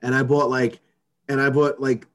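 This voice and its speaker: A man's voice: medium pitch, flat delivery, moderate pace, fairly bright tone. A man in casual chat, rambling about his family and laughing easily.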